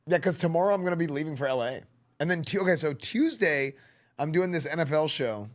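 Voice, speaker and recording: This is a male streamer talking in a relaxed, casual way with a fairly high voice that moves around a lot in pitch. He laughs easily as he reacts to clips. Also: a little fast. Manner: laid-back, laughs often at clips. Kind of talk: casual live-stream chat.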